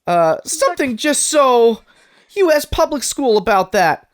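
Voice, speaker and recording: A woman's voice: high-pitched, big pitch swings, unhurried. A woman co-hosting a comedy podcast, reading posts aloud with laughter and swearing in casual chat. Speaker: podcast co-host.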